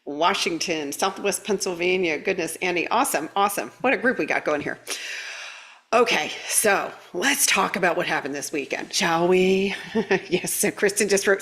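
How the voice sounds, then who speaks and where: Bubbly woman as a live-stream host, mid-pitched, animated, laughs often. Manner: bubbly, greets viewers by name, frequent laughs; animated, playful sound words, quick pitch jumps. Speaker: spiritual livestream host. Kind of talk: casual live-stream chat.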